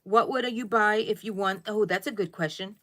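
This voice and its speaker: A woman's voice: mid-range voice, normal speed, fairly bright tone. A middle-aged woman hosting a casual crochet livestream, chatting with viewers, answering their comments and often calling them "people". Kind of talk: casual live chat with viewers.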